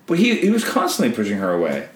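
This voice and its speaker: A man's voice: fairly low pitch, huge pitch swings, fast talker. Chatty male podcast host, roomy sound. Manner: chatty, thoughtful, gently argumentative. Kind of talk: casual film-review chat. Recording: roomy echo.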